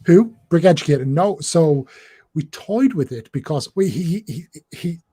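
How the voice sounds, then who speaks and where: A man's voice: a little high, expressive, moderate pace, mellow, husky. A man from northeast England with a northeast English accent, hosting a casual livestream chat and rambling along with lots of fillers and restarts. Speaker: host.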